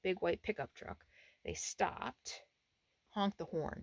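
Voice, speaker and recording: A woman's voice: low-pitched, expressive, slow pace. A woman RV vlogger tells a story from inside her camper, her voice rising and falling animatedly. She acts out the quotes as she goes. The sound is dry and close, with no room echo. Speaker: RV travel vlogger. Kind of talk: storytelling to camera.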